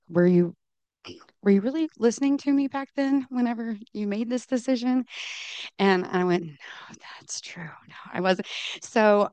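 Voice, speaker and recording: A middle-aged woman giving candid personal testimony at a recovery meeting, halting and restarting as she quotes her own self-talk. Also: fairly low pitch, a little mellow, clean tone, no echo. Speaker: recovery program member sharing her story.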